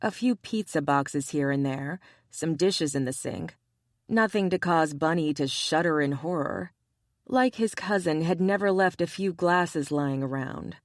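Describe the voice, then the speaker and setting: A woman narrating a romance audiobook in a measured, even read on a close mic. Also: sits low, no room sound.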